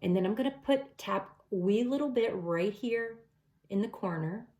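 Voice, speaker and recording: A woman's voice: mid-range voice, animated, normal speed, mellow. A middle-aged woman talking through a makeup tutorial step by step in a casual, chatty way. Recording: echoey room.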